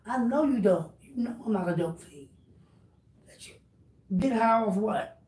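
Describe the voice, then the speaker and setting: A woman's voice: on the high side, expressive, unhurried, darkish tone. A woman YouTuber in a direct-address rant vlog, blunt, profane and lecturing, recorded with a distant mic in a roomy space with faint noise behind her.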